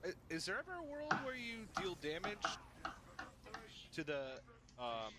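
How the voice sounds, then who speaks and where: A man co-casting a card game live, working through lines of play and getting excitable. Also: high voice, measured pace, very noisy. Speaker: esports co-caster. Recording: broadcast with loud music behind.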